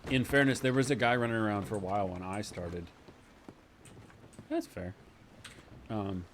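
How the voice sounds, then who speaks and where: A man's voice: lowish voice, a little hiss or hum. A man streamer chatting casually with his viewers, rambling along and laughing often.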